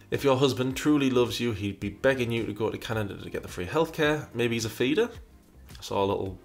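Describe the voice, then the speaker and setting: Rambling, wry man with a low voice. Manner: rambling and wry, with frequent restarts and asides. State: burpy after breakfast. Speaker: commentary channel host answering viewer questions. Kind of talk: casual commentary, reading out questions.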